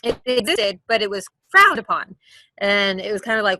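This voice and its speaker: A young adult woman, a travel blogger, telling her story casually in an interview, fast and animated with lots of fillers. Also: mid-range voice, no echo, rough recording. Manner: animated, rapid, many fillers.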